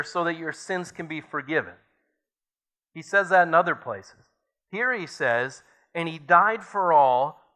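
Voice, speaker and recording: A man's voice: on the high side, sharp tone. A man preaching a sermon as pastor, reading scripture aloud and building to emphatic points.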